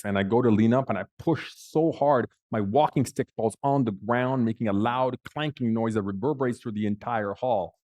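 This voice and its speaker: A middle-aged man giving a keynote speech, telling a personal story with dramatic pauses and acted-out quotes. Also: mid-range voice, a little mellow. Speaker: keynote speaker.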